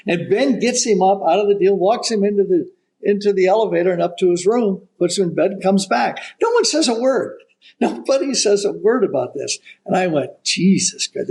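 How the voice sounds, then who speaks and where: An older man with a high voice spins a golf story as a podcast guest. He is an animated storyteller who slips into the voices of the people he quotes. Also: low-quality recording. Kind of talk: storytelling anecdote.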